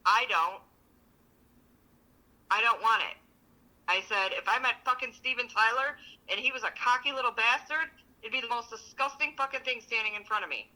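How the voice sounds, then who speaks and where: A woman with a very bright, sharp-edged voice tells stories bluntly and swears constantly. She co-hosts a casual relationship podcast and acts out both sides of her conversations. The sound is a little lo-fi. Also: on the high side, normal speed. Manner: blunt, profane, animated storytelling. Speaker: podcast co-host. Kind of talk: casual chat.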